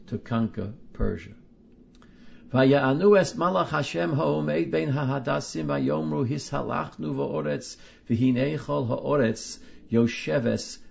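A man teaching a class, reading passages aloud and explaining them, slowing down to stress key words. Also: medium pitch, gravelly, darkish tone, dull audio. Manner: emphatic, slows down to stress words. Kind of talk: text study lecture.

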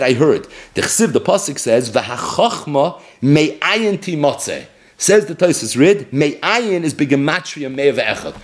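Man giving a sing-song Talmud lesson. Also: a little high. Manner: expressive, sing-song study cadence. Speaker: Torah teacher. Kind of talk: Talmud lecture.

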